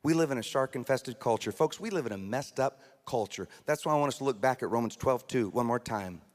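A man preaching a sermon as a pastor, lively and conversational, often slipping into mock voices and asides. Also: medium pitch, a little fast. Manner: animated, acts out mocking voices, conversational asides. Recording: long hall reverb.

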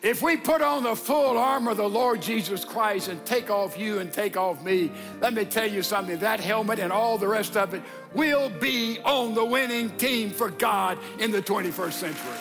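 A man's voice: sits high, normal speed, gravelly, hardly any pauses, over music, crowd noise. A man preaching a sermon, a folksy storyteller who turns to fervent exhortation. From American South.

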